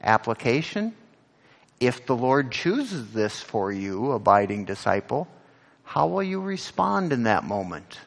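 Preaching an animated sermon in a large hall, a male pastor poses direct questions to the congregation and hits emphatic peaks as he quotes scripture. His mid-range voice has vocal fry and a slightly slow pace.

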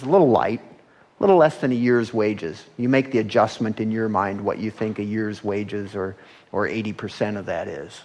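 Conversational male pastor preaching. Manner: conversational, often asks "right?" and rises in pitch when animated. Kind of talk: sermon.

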